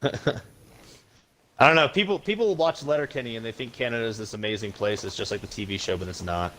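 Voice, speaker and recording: A man's voice: medium pitch, a little fast, bright, forceful tone, poor audio. A man co-hosting a podcast, talking in a rambling, opinionated casual way. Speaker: podcast co-host. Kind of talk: casual chat.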